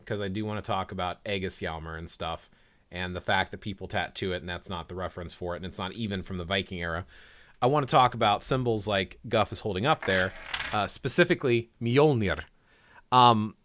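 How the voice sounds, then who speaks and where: A man's voice: lowish voice, a bit bright. A man hosting a livestream discussion, talking in an opinionated, conversational way and teasing his guest. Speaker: livestream host.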